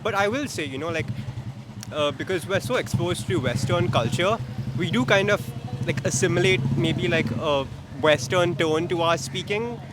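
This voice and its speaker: Relaxed Indian man, slightly high voice. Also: moderate pace. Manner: relaxed, laden with fillers. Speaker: interviewee. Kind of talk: casual street chat. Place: city street outdoors. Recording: clear street traffic noise.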